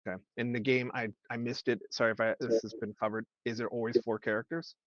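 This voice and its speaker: A man of middle pitch takes his turn as a guest player at a tabletop game. He reads his quest aloud and asks casual questions about the rules. The sound is dry and a little dull. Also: flat delivery, fast talker, dry recording.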